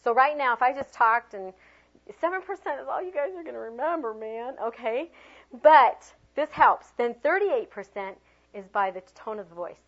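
Animated woman leading a classroom workshop. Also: fairly high pitch, moderate pace. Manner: animated, demonstrates tones of voice, lots of fillers. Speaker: teacher trainer. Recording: dull lo-fi room recording.

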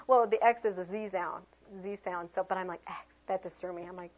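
A woman teaching a workshop on children's ministry, telling lively stories and acting out quoted voices in a high bright tone. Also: quick pace. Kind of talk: workshop talk. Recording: dull lo-fi recording.

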